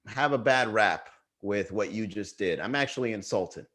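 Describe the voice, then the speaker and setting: A man's voice: lowish voice, expressive, moderate pace, a bit bright. A young man hosting a comedy livestream, riffing casually to the chat, swearing and laughing at his own jokes. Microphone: webcam livestream.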